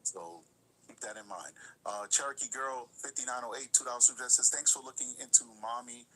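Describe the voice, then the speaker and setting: Stream host, male, crisp bright voice, repeats key points, faint hiss behind. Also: medium pitch, a little fast, low-quality recording. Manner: explanatory, repeats points for emphasis. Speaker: commentary host. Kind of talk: live-stream reaction commentary.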